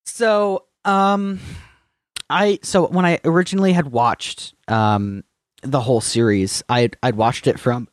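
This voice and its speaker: A man co-hosting a podcast in casual chat, wry and quick to laugh. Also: mid-range voice, no room sound, studio quality. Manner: lively, wry, laughs often. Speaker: podcast co-host.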